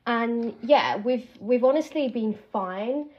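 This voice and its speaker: A woman's voice: fairly high pitch, expressive, takes it slowly, dull audio. A young woman hosting her podcast at home in a candid, rambling chat, breaking off and restarting her thoughts. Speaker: podcast host. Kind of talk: casual chat. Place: at home while doing her hair.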